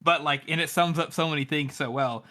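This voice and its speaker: A man's voice: fairly high pitch, a little fast, bright, forceful tone. A man co-hosting a casual book podcast, rambling with frequent fillers. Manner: rambling, lots of likes and ums. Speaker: podcast co-host.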